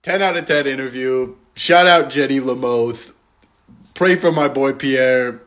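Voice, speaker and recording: A man's voice: mid-range voice, measured pace, a bit bright. A man reading an article aloud to his followers, adding dry, sarcastic and amused commentary. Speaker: social media commentator.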